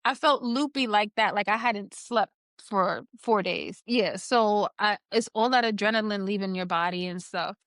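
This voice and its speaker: A woman guest on a podcast, candidly telling a personal story in an animated way and laughing now and then. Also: mid-range voice, moderate pace, few pauses, dry recording, studio quality.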